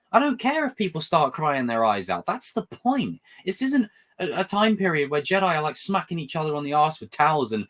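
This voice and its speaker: Brief: young man, fired-up profane reviewer, pitch swinging up and down. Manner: animated, rambling, passionate and profane. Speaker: film and TV reviewer. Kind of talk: casual review vlog.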